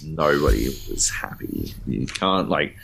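A man with an extremely deep, low-pitched voice chats casually on a podcast. He rambles through his stories, piling up fillers and dropping casual swears as he goes. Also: big pitch swings, a little slow, gravelly, a bit bright, slight background noise. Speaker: podcast co-host. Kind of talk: casual chat.

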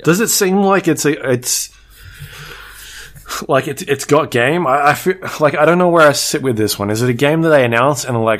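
A man co-hosting a gaming podcast in a relaxed, dry-joking way. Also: on the high side, moderate pace. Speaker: podcast co-host. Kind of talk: casual chat.

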